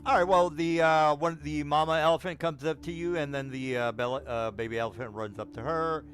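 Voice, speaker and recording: A man with a fairly high, fairly bright voice narrates a tabletop game as game master, speaking a little fast with fairly even intonation. He's hesitant, stalling often with fillers and restarting his sentences.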